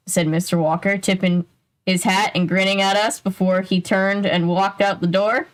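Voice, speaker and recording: A woman's voice: mid-range voice, steady tone, normal speed. A young woman casually reading a children's mystery book aloud, breaking off for jokey, wry asides.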